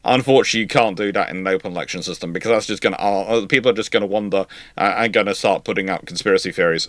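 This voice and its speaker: A man's voice: lowish voice, rapid-fire, hardly any pauses, fairly bright tone, no room sound. A man hosting a live question-and-answer stream, explaining at length in a rambling way with frequent restarts. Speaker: host. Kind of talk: live viewer Q&A.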